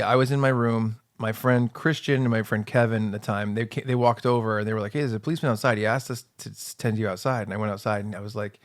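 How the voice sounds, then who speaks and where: A man co-hosting a loose comedy podcast, his pitch sitting in an ordinary middle range. He tells stories with energy and slips into quieter quoted asides. The talk is loose and full of restarts. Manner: animated storyteller, drops to hushed tones for quoted lines. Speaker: podcast co-host. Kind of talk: casual storytelling chat.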